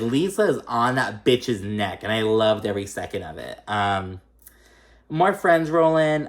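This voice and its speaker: Male recapper, casual and shady, swears freely, loose and filler-heavy delivery. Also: fairly low pitch. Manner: chatty, profane, shady, full of fillers. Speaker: reality TV recapper.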